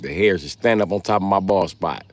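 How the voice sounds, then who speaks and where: A man's voice: low-pitched, a little fast. A man live-streaming, casually reading viewer comments aloud and answering them with crude, rambling jokes. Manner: crude, joking, rambling banter.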